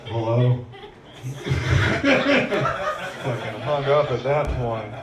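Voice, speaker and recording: A man's voice: a little high, unhurried, distant mic, heavy background noise. A man in his early forties doing a stand-up comedy set on a club stage, with a loose, rambling delivery full of restarts. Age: early 40s. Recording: roomy live club recording from off-mic. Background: audience laughter.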